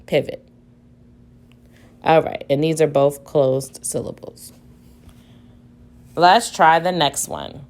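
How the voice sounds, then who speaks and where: Female teacher, low-pitched and unhurried, modeling syllable-by-syllable phonics reading. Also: darkish tone. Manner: slow, deliberate, sounding out syllables aloud. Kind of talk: phonics lesson demonstration.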